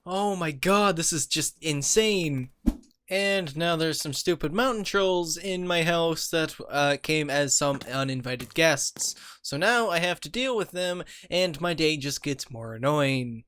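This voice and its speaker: Man, higher register, casual let's-play narration, relaxed and thinking aloud, dry booth sound. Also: unhurried, few pauses, clean tone, no room sound. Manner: chatty, thinks aloud, laughs easily. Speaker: Minecraft let's player. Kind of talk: casual gameplay commentary.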